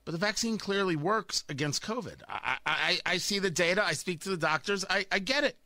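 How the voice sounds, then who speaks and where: A man's voice: high voice, animated, a little fast, bright, forceful tone, no echo. A man delivering a sarcastic, combative opinion monologue as a talk show host.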